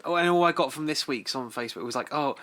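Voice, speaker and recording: Man chiming in with quick agreement. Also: mid-range voice, pushed and bright. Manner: quick agreeing interjections, joking asides. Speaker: podcast co-host. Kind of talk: casual chat.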